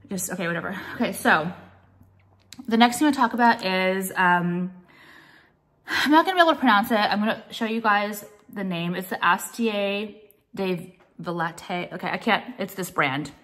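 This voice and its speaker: A young American woman talks to her viewers in a loose, meandering show-and-tell. She strings her thoughts together with constant "like"s and casual swearing, and her pitch sits in the middle range. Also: fairly bright tone. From United States. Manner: rambling, heavy use of "like", swears casually. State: pregnant. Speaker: vlogger showing purchases.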